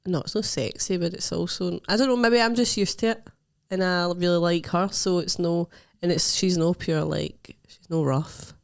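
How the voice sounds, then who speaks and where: A woman's voice: fairly low pitch, steady tone, normal speed, vocal fry, few pauses. A young Scottish woman co-hosting a comedy podcast, chatting bluntly and laughing often. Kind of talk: casual chat.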